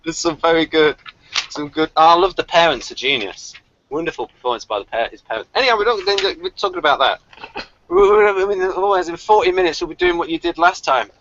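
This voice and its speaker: Male host, casual call discussion, animated and fairly high-pitched, dull lo-fi audio. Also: brisk, a little hiss or hum. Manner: lively, animated, laughs often. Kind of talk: casual online group discussion. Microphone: video call.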